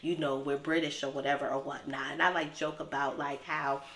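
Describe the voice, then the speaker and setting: A woman's voice: low voice, level tone, fairly quick, fairly bright tone. A woman giving a casual, rambling recap of a TV episode, her talk packed with filler words. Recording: roomy echo with faint ambience.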